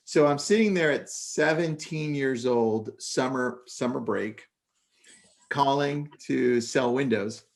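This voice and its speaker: A man with a gravelly, fry-tinged voice chats casually on a real estate panel. He tells stories with animated energy and tosses in quick asides. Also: mid-range voice. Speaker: podcast co-host.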